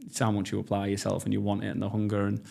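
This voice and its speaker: North East English man in his thirties, low voice, talks fast and blunt, interview guest. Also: monotone, creaky, dark tone. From North East England. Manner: blunt, brash, swears freely, enthusiastic. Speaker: podcast guest, entrepreneur. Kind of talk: casual storytelling interview.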